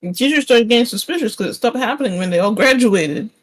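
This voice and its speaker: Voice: mid-range voice, animated, fast talker, poor audio. A co-streamer telling stories in casual chat, often laughing. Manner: storytelling with laughs.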